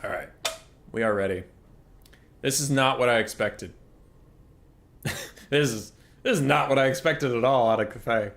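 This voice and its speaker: A man with a mid-pitched voice hosts a game stream in a loose, chatty way. He rants and swears, then swings into loud, exasperated outbursts. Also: moderate pace, long pauses. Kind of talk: casual live-stream chat.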